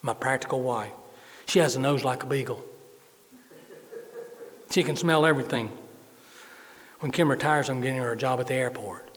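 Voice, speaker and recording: A middle-aged man preaches a sermon to his church in a plain, mid-pitched voice. He repeats his phrases for emphasis and mixes in easygoing, folksy humor. His voice rings with a long reverb from a large hall. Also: normal speed, long pauses. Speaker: pastor.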